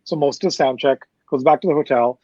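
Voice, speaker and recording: A man with a Canadian accent casually recounting a story as a promoter, animated, swearing and acting out the people he quotes. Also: on the high side, a little fast, no echo. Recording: slightly muffled dry recording.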